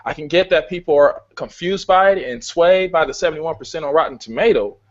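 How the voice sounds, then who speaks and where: Guy reviewing movies, talks kinda high, cusses a lot, muffled lo-fi sound. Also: fairly quick. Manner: swears a lot, casual and emphatic. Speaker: film reviewer. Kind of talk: casual debate.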